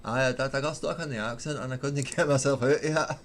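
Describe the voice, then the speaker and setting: A man from Manchester, England, with a medium-pitched voice and a fairly quick delivery, paints miniatures while chatting casually with his livestream viewers. He jokes, swears freely and laughs at himself.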